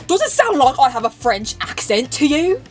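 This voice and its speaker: A woman's voice: high voice, big pitch swings, moderate pace, soft background music. A woman voicing a whiny, dramatic grown pony kid in a toy fan drama, complaining in an exasperated way.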